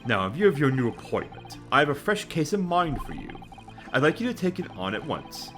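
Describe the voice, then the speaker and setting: A man's voice: fairly high pitch, very animated, music in the background, voice pushed up. A man doing a stern British chief justice. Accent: attempted British. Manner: formal, measured, commanding.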